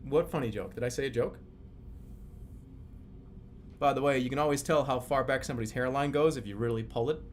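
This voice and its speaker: A man in his thirties streaming live, chatting casually in a rambling, profane, animated way. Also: medium pitch, a little fast, pauses often, slight background noise. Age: 30s.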